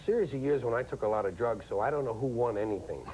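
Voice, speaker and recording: A middle-aged man, a comedian guest who chats wryly and lively, slipping into impressions. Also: medium pitch, fast, crowd noise, poor audio. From New York. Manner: wry, animated, slips into impressions. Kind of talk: casual chat.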